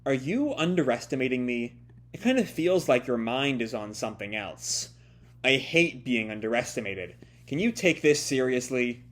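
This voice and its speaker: A cold, contemptuous young snake woman who looks down on her opponent, as a man reads her lines aloud. She speaks flatly, with a mid-range pitch. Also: normal speed. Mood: taunting.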